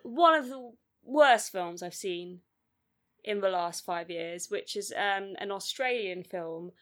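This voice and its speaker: A woman's voice: medium pitch, takes it slowly. Chatty woman reviewing films. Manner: chatty, blunt, animated with fillers. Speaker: podcast co-host. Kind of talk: casual film review chat.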